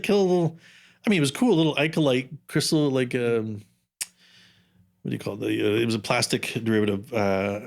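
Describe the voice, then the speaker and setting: Man, 50s, somewhat low-pitched; casual, wandering storyteller who doubles back mid-thought. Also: vocal fry. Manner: rambling, jumps around in time with asides. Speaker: underwater camera operator, podcast guest.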